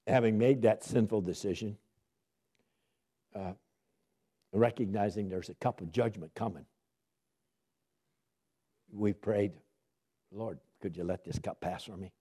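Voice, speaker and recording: A man's voice: lowish voice, breathy edge. A man teaching a Bible study in sermon style, asking his listeners questions and answering them himself, lifting his voice on key words. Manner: lively, rising emphasis on key words.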